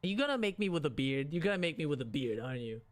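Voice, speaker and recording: A man's voice: on the high side, sing-song, fast talker, no room sound. A man streaming a game, talking casually to himself and the game, frustrated and joking as he builds. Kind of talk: casual gameplay commentary.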